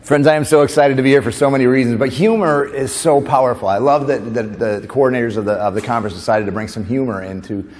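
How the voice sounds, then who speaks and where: Man from New York, mid-pitched voice, lively stand-up keynote with quick asides; captured on a hall stage with long reverb. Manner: animated, quick asides, laughing at his own jokes. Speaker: comedian and motivational speaker.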